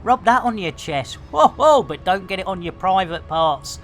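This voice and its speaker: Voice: mid-range voice, animated, normal speed, soft background music. Boisterous, jokey streamer. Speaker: game streamer. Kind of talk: playing a space game and chatting.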